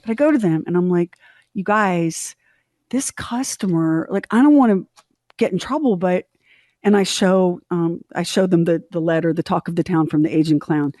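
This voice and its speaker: A middle-aged woman co-hosting a podcast, telling a story in candid, animated casual chat and acting out the quotes. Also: fairly low pitch, moderate pace, dry recording, clean studio sound. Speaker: podcast co-host.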